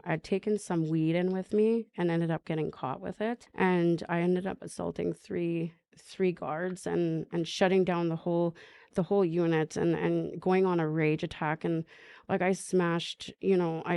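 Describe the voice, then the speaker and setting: A woman from northern Manitoba, candidly telling her own recovery story as a podcast guest, halting and restarting often. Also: lowish voice, vocal fry, warm tone, no room sound. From northern Manitoba, Canada. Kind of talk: personal recovery story, conversational.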